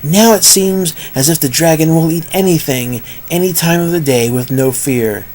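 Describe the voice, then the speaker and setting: A man voicing a wise old male pig who leads the others, speaking slowly and gravely. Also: a little high, a little mellow, close to an everyday voice, poor audio.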